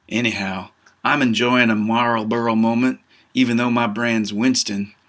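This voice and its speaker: A man's voice: mid-range voice, fairly bright tone. A man reading his own novel aloud in first person, with a folksy drawling dialect and a tough-guy storyteller manner. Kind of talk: first-person audiobook narration.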